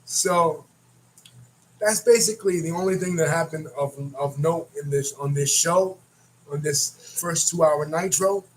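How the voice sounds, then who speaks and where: A man's voice: on the high side, measured pace, low-quality recording. Rambling man recapping wrestling history. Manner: rambling, repeats and restarts words. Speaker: wrestling reaction host. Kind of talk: casual recap commentary.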